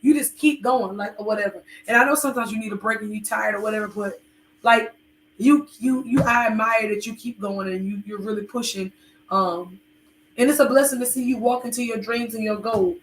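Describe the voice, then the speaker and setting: A woman's voice: fairly high pitch, a little fast, roomy sound, slight background noise. A woman co-hosting a podcast, chatting candidly with her husband and rambling with many fillers. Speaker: podcast co-host. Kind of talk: casual chat with her husband.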